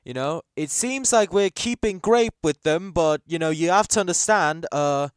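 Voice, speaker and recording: A man's voice: a little high, normal speed, hardly any pauses, smooth, dry recording, studio quality. Casual man hosting a football watchalong. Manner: casual, rambling, bursts into excited shouts at chances. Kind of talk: live match commentary chat.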